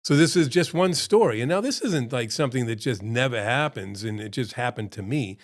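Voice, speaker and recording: A man's voice: mid-range voice, lively intonation, a little fast. Rambling, chuckling man telling a work story. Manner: rambling, self-deprecating, laughs often, acts out both sides. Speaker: restaurant owner telling a story. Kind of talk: casual storytelling vlog.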